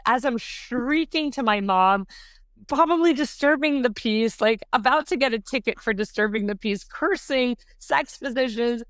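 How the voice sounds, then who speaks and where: A middle-aged woman, a podcast guest, telling a story in a casual, animated way, often saying "like" and jumping high when she acts out quotes. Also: moderate pace, clear, resonant tone, no echo, clean studio sound. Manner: animated, says "like" often, jumps to high pitch acting out quotes.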